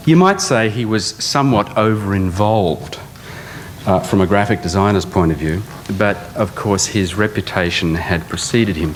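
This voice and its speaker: Low-voiced man telling stories in a hall. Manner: dry storytelling with occasional accent impressions. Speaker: guest introducer, architect. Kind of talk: anecdotal lecture introduction. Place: large lecture theatre. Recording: long reverb in a large lecture hall, faint hum.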